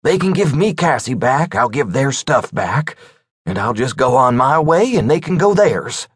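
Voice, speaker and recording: A man's voice: mid-range voice, big pitch swings, moderate pace, breathy edge, dry recording, clean studio sound, pitched above the performer's own voice. A man voicing a scared, nervous man on the run who talks in a quavering, pleading voice.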